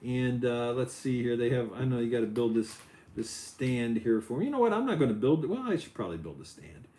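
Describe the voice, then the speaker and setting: A middle-aged man hosting a casual Lego building livestream, loose and chatty, his voice jumping up when he gets excited. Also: medium pitch, brisk. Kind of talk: casual chat while building. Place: home office.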